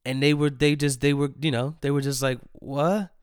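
A man in his thirties tells a story in a loose, slangy way at a middle pitch. He laughs often and repeats his lines for effect. The sound is dry and close. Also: level tone, fairly quick, smooth, no echo. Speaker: host. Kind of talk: solo storytelling podcast.

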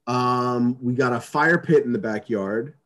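A man's voice: medium pitch, measured pace, a bit bright. A man telling a long story in casual chat, rambling with many restarts, fillers and swear words.

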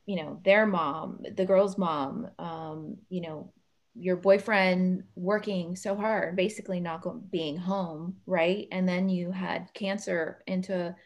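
A woman hosting a casual interview over a video call, emotional and quick to laugh, calling herself a big softie. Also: fairly low pitch. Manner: warm, emotional, laughs often. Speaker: podcast host.

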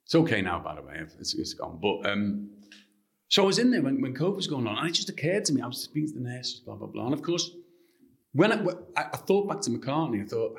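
A man from Liverpool with a Liverpool accent, a guest author telling anecdotes in an interview in an animated way. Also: medium pitch, fast talker, gravelly. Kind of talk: interview storytelling.

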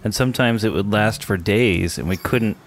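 A man's voice: on the low side, moderate pace, a little hiss or hum. A man hosting a casual chat, cracking jokes and bantering with his guests. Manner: wisecracking, joking banter. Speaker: podcast host.

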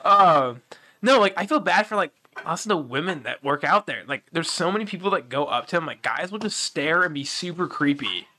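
A woman's voice: low-pitched, lively intonation, moderate pace, sharp tone, a little hiss or hum. A woman co-hosting a podcast in casual chat, joking and laughing often. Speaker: podcast co-host.

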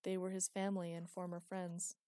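A woman voicing a gentle, grieving male god who talks softly and sadly. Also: lowish voice, little pitch movement, a little fast, no room sound, lightly acted. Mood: sad, tender. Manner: soft, sad and tender.

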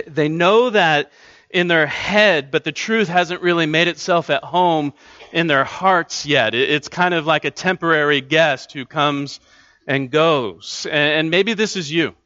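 A man's voice: medium pitch, bright, forceful tone, dry recording, dull audio. A male pastor preaching a sermon in an earnest, conversational way, often restarting his phrases. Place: church.

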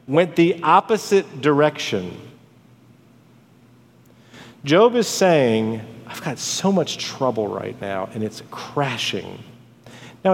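A man preaching a sermon as a pastor, swinging from dramatic rises to hushed drops on key words. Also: mid-range voice. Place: church sanctuary. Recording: long hall reverb.

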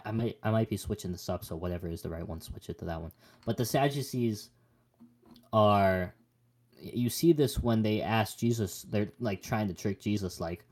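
A young man with a fairly low voice co-hosts a casual faith podcast. He talks about Bible passages in a loose, rambling way, cracking jokes and restarting his sentences often. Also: warm tone. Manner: rambling, joking, many restarts. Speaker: podcast co-host.

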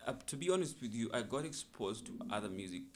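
A man's voice: fairly low pitch, big pitch swings, fast, slight background noise. A young man, a musician, telling his story in a casual podcast interview in a laid-back, reflective way. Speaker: musician guest.

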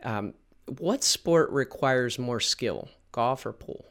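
A man interviewing a guest in a relaxed, chatty way, quick to laugh. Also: mid-range voice. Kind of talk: casual interview.

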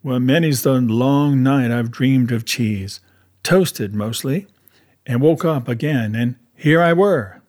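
Brief: a man playing an excitable, rambling old marooned sailor in an audiobook, rustic talk, raised pitch and volume. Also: takes it slowly, lightly acted. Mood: eager. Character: half-crazed marooned old male castaway, excitable and rambling. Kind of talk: audiobook character voice.

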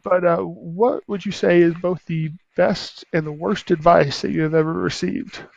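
A man hosting an interview, asking questions in a relaxed, hesitant way with many fillers. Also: sits high, normal speed, vocal fry, no room sound. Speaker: podcast host. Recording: dull lo-fi sound.

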